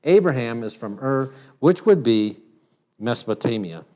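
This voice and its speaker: A man's voice: mid-range voice, expressive, normal speed, mellow. A man from Ohio giving a lecture to camera as host, talking in a conversational way with frequent restarts. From Ohio, United States.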